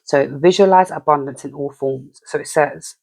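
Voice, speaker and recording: Gravelly, rambling spiritual reader. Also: mid-range voice, normal speed, a little mellow, no room sound. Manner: rambling, chatty, keeps asking "you know what I mean". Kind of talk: casual channeled message.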